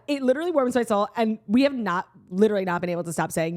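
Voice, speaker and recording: A woman's voice: mid-range voice, rapid-fire, hardly any pauses. A young woman co-hosting a podcast, chatting casually and playfully with jokes and bits. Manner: playful, jokey, animated. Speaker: podcast co-host. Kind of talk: casual chat.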